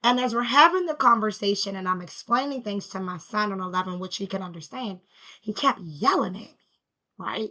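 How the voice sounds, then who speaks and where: A woman's voice: medium pitch, lively intonation, brisk, bright, forceful tone. A middle-aged woman talking through a personal healing story in an emotional, repetitive, confessional way. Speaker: spiritual healing vlogger. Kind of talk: personal reflective monologue.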